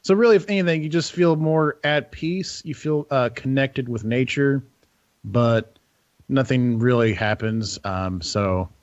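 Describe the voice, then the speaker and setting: A man's voice: medium pitch, unhurried, no room sound. Young male game master running a tabletop game; rambly, filler-heavy delivery; dull, dry lo-fi recording. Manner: relaxed, rambling, many fillers and restarts.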